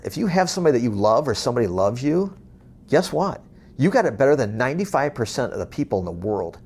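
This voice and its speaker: A middle-aged man giving a blunt, plain-spoken motivational talk to staff, telling stories and acting out the dialogue. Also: mid-range voice. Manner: lively storytelling, acting out dialogue. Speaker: business executive speaking to staff.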